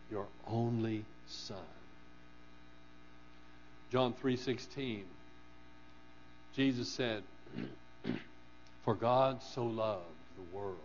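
A man preaching a sermon in an earnest manner, rising to fervent emphasis and dropping low on key phrases. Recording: dull lo-fi recording with mains hum.

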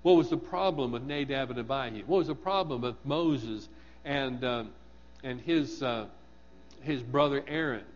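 A man's voice: medium pitch, normal speed, in a large hall, dull audio, a little hiss or hum. A man preaching a sermon, asking his congregation questions and repeating words for emphasis.

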